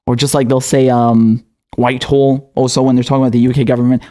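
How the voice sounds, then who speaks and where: A man's voice: medium pitch, steady tone, fairly quick, mellow. A young man hosting political commentary, indignant and profane, often laughing.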